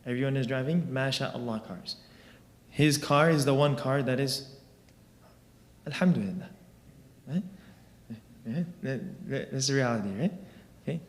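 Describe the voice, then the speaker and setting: A man leads a religious class in a relaxed, conversational way, walking listeners through everyday examples. He keeps checking in with a quick "right?" as he goes. His mid-range voice rings out with the long reverb of a large hall. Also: medium pitch. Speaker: religious teacher.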